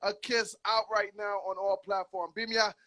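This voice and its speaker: A man's voice: high-pitched, little pitch movement, normal speed, bright, forceful tone. A man hosting a radio show, chatting casually with a guest in hyped, slangy talk and laughing often. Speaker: radio DJ host. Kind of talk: casual radio interview chat.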